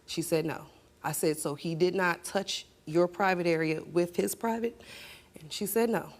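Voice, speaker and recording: A woman with a somewhat low voice tells a raw family story on a talk-show stage. She speaks in a heated, emotional way and cuts in over others when she argues. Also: moderate pace. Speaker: guest.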